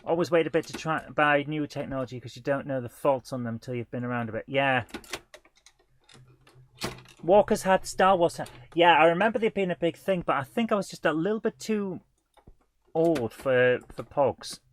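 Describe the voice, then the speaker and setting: A man's voice: on the high side, expressive, normal speed, slight background noise. A man in his forties hosts a live retro gaming show, chatting casually in a rambling, self-deprecating way with chuckles. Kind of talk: casual livestream chat.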